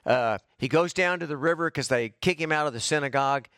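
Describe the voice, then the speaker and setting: A man's voice: on the high side, brisk, a bit bright, clean tone, no room sound, studio quality. A middle-aged man, preaching a fervent, fired-up sermon as pastor.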